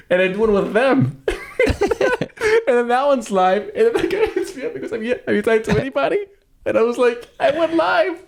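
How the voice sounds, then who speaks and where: A young man talking at a rapid clip on a casual podcast. He tells rambling stories, acting out what others said and swearing freely. His voice sits a little high for a man. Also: slight background noise. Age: 20s. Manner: rambling storyteller who acts out other people's lines. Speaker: podcast co-host.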